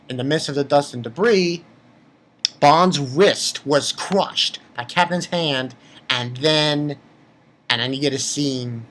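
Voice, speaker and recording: A man giving an excitable, rambling recap of a manga chapter, repeating himself, swearing casually and jumping into high squeaky voices when he quotes. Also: slow. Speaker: manga reviewer.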